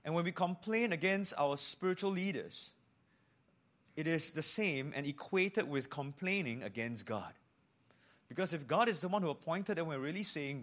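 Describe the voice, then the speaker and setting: A man preaching a sermon as pastor, animated, dropping to hushed tones for emphasis and acting out the voices he quotes. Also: a little high, normal speed.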